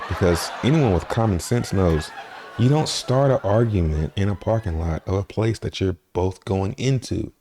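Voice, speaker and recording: Deep-voiced man telling a story casually. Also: moderate pace. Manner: profane, laughs through his story, relaxed. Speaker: podcast host.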